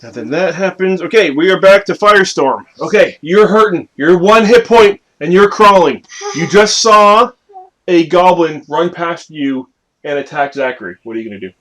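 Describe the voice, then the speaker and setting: A man narrating as game master of a tabletop game played with his children, in a lively, playful way. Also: high-pitched, moderate pace. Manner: lively, playful narration with sudden loud bursts.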